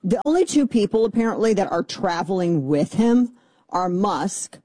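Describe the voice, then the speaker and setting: A woman's voice: medium pitch, lively intonation, moderate pace, dark tone, dry recording. A woman hosting a political talk radio show, combative and sarcastic, rambling with fillers into a studio microphone.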